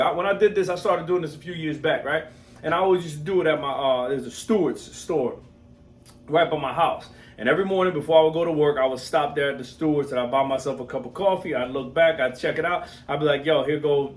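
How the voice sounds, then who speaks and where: A man in his thirties giving a casual motivational talk, energetic, often asking "you know what I'm saying?". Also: mid-range voice. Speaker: motivational host.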